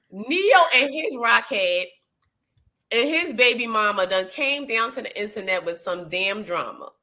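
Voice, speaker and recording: A woman co-hosting a casual chat show, blunt, profane and animated. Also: fairly high pitch. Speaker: podcast co-host.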